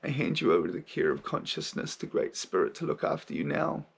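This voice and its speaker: A man's voice: fairly high pitch, big pitch swings, fairly quick, creaky, breathy edge, voice pushed up, heavily acted. Man voicing his scared inner child. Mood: tender, remorseful. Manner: stammering, pleading. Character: frightened inner child part of a man, clinging.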